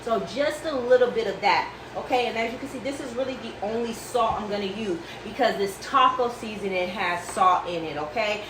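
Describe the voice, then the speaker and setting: A woman's voice: mid-range voice, fairly quick, few pauses, reverberant, recorded from a distance, background noise. A woman hosting a casual home cooking video, chatty and reassuring, calling the viewer baby. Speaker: cooking vlog host. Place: home kitchen.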